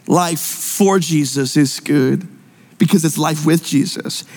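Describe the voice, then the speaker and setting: A male pastor preaching a sermon in a church sanctuary, with earnest, repetitive emphasis and drawn-out key words. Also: sits high, a little mellow. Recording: long reverb in a large hall.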